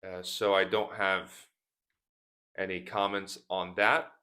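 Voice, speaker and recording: A man teaching English in a slow, deliberate way, repeating single words to show how they are pronounced as he talks to the camera from his desk. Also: sits low, little pitch movement, pushed and bright. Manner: repeats words for pronunciation practice. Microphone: speaking to camera at a desk.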